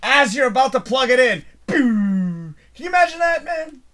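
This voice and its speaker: A middle-aged man from Canada hosting a live show, telling a long rambling story in a casual, animated way and swearing freely. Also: very high-pitched, normal speed.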